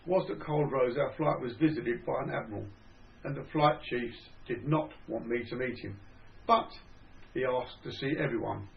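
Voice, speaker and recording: Older man, Cockney accent, measured dry memoir reading, muffled lo-fi sound. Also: mid-range voice, gravelly. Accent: Cockney (Estuary). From England. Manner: measured, dry anecdotal storytelling. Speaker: author reading his memoir. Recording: dull lo-fi recording.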